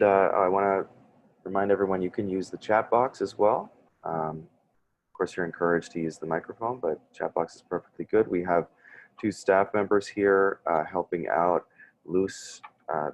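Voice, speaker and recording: Low gravelly man leading a parent workshop. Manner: hesitant, full of fillers and restarts. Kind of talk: online workshop presentation. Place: video call.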